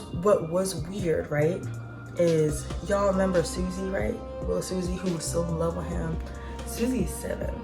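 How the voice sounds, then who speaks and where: Lower-pitched twenty-something woman vlogging, slangy and swearing, music going behind her. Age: 20s. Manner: chatty, slangy and profane, with asides and laughs. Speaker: vlogger host. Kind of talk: casual nostalgic chat.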